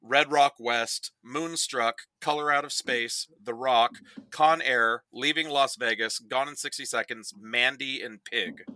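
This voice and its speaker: A young man in casual podcast chat, telling animated stories and breaking into exaggerated impressions. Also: mid-range voice, a little slow, hardly any pauses, no room sound, poor audio. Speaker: podcast guest.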